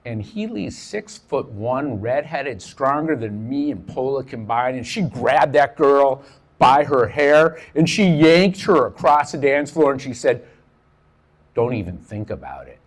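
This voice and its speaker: A man's voice: mid-range voice, a little slow. Man telling a profane personal story. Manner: casual, profane, acts out the dialogue in the story.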